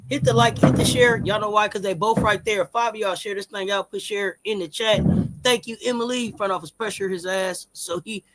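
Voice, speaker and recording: A man co-hosting a live-stream sports talk show, hyped and repetitive, shouting out the chat and stumbling through restarts. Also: sits high, steady tone, a little fast, a little hiss or hum.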